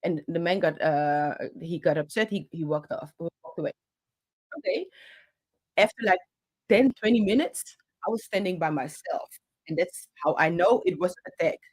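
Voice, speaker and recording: A woman tells a personal story to her viewers, speaking with passion and gesturing with her hands as she talks. Her voice sits a little low, and she pauses often, restarts phrases and fills gaps with ums and uhs. She speaks into a handheld microphone. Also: darkish tone, slightly rough. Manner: halting, many fillers and restarts. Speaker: channel host.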